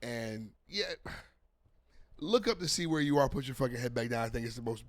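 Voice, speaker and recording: A man guesting on a casual podcast, animated and swearing as he chimes in. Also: medium pitch, a little fast. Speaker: guest comedian.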